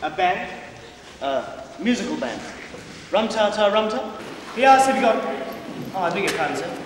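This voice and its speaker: A young New Zealand man plays a jittery young corporal relaying orders, halting and polite, in a fairly high voice. The sound carries from far off in a big echoing hall with a faint hiss. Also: very animated. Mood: hesitant. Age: young adult. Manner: hesitant, polite, stammering. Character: nervous, dutiful young male signals corporal. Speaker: stage actor. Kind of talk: school stage play. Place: school theatre stage. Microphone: distant audience recorder.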